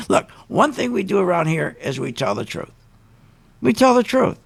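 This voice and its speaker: A man's voice: sits high, wildly swooping pitch, normal speed, vocal fry, husky. A man hosting a radio show, delivering an opinionated, ranting monologue full of sarcastic asides.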